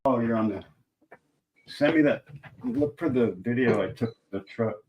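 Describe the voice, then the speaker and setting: A middle-aged man hosting a livestream, talking in a soft-spoken, laid-back way. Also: medium pitch, lively intonation, moderate pace, rough recording. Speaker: livestream host. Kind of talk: casual chat.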